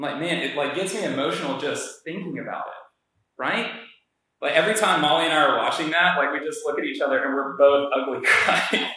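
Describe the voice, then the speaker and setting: A man's voice: medium pitch, bright, forceful tone. A young man giving a casual, conversational sermon, telling a story with many fillers. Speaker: preacher. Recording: very echoey room.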